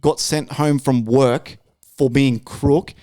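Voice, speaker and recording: A young man with an Australian accent tells a long story on a casual podcast. He swears freely and talks in an animated way. His voice sits at a middle pitch. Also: slow, no room sound, clean studio sound. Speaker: podcast host. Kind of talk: casual chat.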